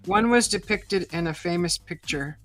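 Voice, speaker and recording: A woman's voice: fairly low pitch, moderate pace. Teasing woman host reading quiz questions. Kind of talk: casual live-stream chat, quiz questions.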